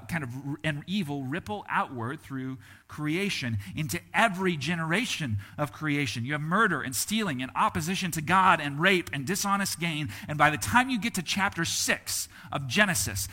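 A male preacher with a bright, forceful voice, pitched a little above the usual for a man. He talks to his listeners in a conversational way and keeps checking in with "right?". For emphasis his voice climbs high and then drops low. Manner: animated, voice rising and falling for emphasis. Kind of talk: sermon.

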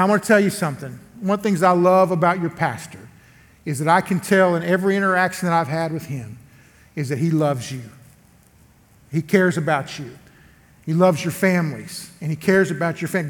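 A man preaching as a guest speaker, telling a story animatedly and acting out the quotes. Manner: animated, acts out quotes with big swings in pitch. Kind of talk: storytelling sermon. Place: large church hall. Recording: long church hall reverb.

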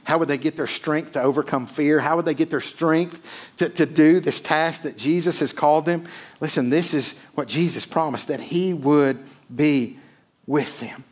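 Man preaching, loud swells and hushed drops. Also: fairly high pitch, moderate pace, husky. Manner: emphatic preaching, swelling loud then dropping to near a hush, frequent "right?". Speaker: pastor. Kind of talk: sermon.

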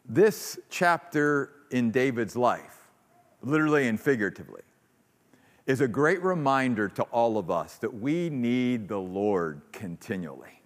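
Earnest throughout, a man preaches as pastor in a church sanctuary, acting out quoted voices with a rising pitch before leading the closing prayer. The sound carries the long reverb of a large hall.

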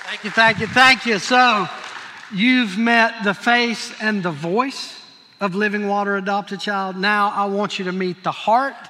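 A man's voice: sits high, fairly even intonation, measured pace, pushed and bright, some chatter behind, a little hiss or hum. A man, the pastor, thanking a guest and encouraging the congregation to take a next step. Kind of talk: church announcements. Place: church sanctuary. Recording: long church hall reverb.

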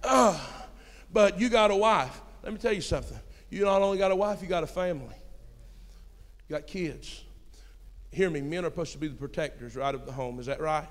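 A young man, a pastor preaching a sermon in a church with folksy storytelling, swinging from quiet asides to shouting. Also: a little high, a little fast. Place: church sanctuary. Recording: long hall reverb.

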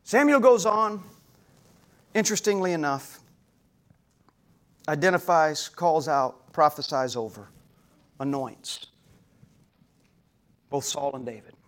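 A male pastor preaching a sermon dramatically, swinging between hushed moments and shouted ones. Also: fairly high pitch, takes it slowly, pauses often.

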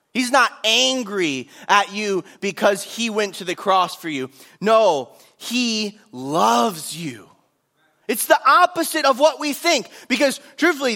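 A man's voice: high voice, pushed and bright. A man preaching a sermon, earnest and emphatic, driving points home through repetition.

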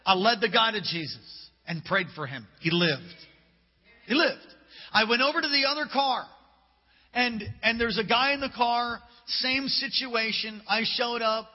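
A high-pitched male pastor delivers an emphatic, casual sermon, acting out the dialogue as he goes. His voice carries a long reverb through a church sanctuary. The recording is dull and lo-fi. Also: normal speed. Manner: emphatic, casual preacher who acts out dialogue. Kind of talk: sermon with storytelling.

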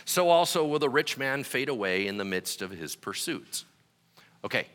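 With an animated, mid-range, slightly bright voice at normal speed, a male pastor gives a sermon in a conversational style. He asks listeners "right?" and performs the voices of the people he quotes.

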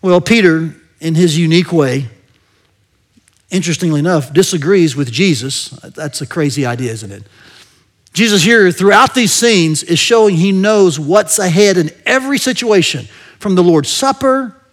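High-voiced man preaching a conversational sermon. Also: animated, unhurried. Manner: engaging, asks the listeners rhetorical questions often; drops to a soft murmur at the end of many phrases.

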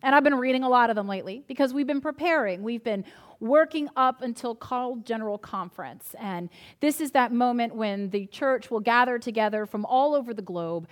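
Woman pastor, slightly high voice; chatty storytelling sermon that turns earnest. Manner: conversational storytelling, then earnest reassurance.

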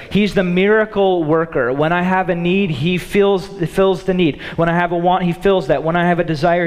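A man preaching a sermon in an animated way, acting out the thoughts of the people in his story. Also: on the high side. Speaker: pastor. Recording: long hall reverb.

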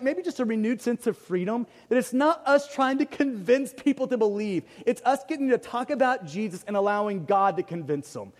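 A man's voice: very high voice, darkish tone. A pastor preaching a conversational sermon. He jokes at his own expense and drives points home by repeating them. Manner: conversational, self-deprecating, emphatic repetition. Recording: long hall reverb.

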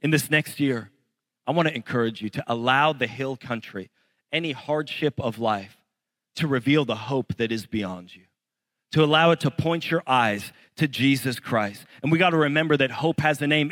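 A man's voice: a little high, fairly bright tone, no room sound, in a large hall. A young adult male pastor preaching a sermon in church, telling stories earnestly and rising to pleading intensity. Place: church hall with congregation.

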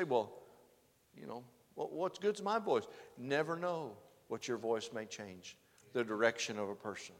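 Country preacher guy, high bright voice all over the place, echoey church hall. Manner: swings from loud exclamations to hushed earnest lines. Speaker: pastor. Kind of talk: sermon.

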